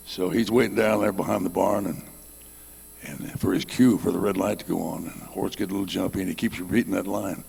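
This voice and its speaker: A man's voice: low-pitched, fairly even intonation, brisk, gravelly, darkish tone, in a large hall, slight background noise. An older man telling a rambling, folksy anecdote on a reunion panel and laughing at his own jokes. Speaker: panel guest telling a story.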